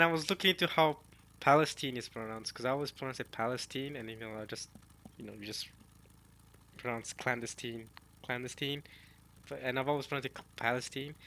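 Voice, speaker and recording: A man reading a manga chapter aloud and reacting in casual chat, talking to his viewers and musing out loud. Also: mid-range voice, a little hiss or hum. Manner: chatty, addresses viewers as y'all, muses aloud.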